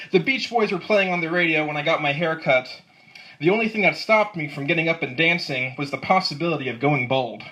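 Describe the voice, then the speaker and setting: A man's voice: fairly high pitch, normal speed, pauses often, sharp tone, slight background noise. A man in his twenties performing stand-up comedy, delivering dry one-liners and chuckling at his own jokes. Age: 20s. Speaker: amateur comedian. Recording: live set with audience laughter. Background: audience laughing.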